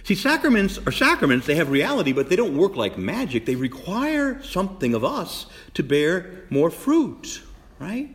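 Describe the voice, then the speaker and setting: A male Catholic priest giving an animated sermon, asking his congregation many questions and shifting between loud outbursts and hushed whispers. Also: fairly high pitch, moderate pace, long reverb tail. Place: church.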